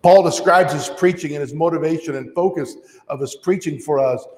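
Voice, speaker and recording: A man delivers a teaching sermon in a church sanctuary, his voice sitting a little higher than most men's. He talks plainly and conversationally, with dry asides, more teacher than fire-and-brimstone preacher. The sound carries a long, echoey hall reverb. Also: fairly quick, darkish tone.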